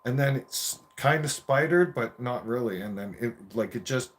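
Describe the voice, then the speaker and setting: A man's voice: medium pitch, normal speed. A man in his forties telling a rambling, profane childhood story in a casual rant.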